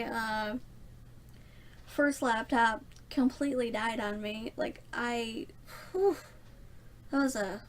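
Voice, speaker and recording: A woman's voice: on the high side, a bit bright, slight background noise. A young woman rambling through a casual storytime vlog, self-mocking and laughing often. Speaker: vlogger.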